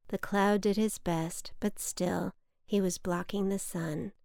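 A woman hosting a children's story podcast, narrating in a gentle, soft and soothing scripted style. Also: mid-range voice, fairly even intonation, slow, creaky, no echo, clean studio sound.

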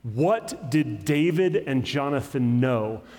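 A man preaching a sermon, his pitch sitting in an ordinary middle range. He moves between loud, emphatic stresses and quiet, slowed-down lines. His voice rings through a church sanctuary with long reverb. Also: lively intonation. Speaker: pastor.

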